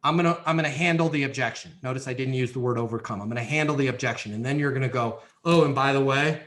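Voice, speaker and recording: A man's voice: mid-range voice, very fast, fairly bright tone. A man as a podcast guest, coaching on leasing sales in an emphatic, hands-on way. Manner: emphatic, coaching, acts out role-play examples. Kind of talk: podcast interview, teaching sales steps.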